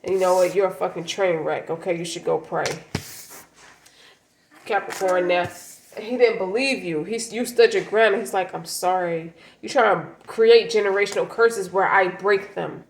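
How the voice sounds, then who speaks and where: A woman's voice: mid-range voice, steady tone, normal speed, roomy sound, slight background noise. Blunt, profane woman reading tarot. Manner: blunt, profane, speaks as the client's partner. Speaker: tarot reader.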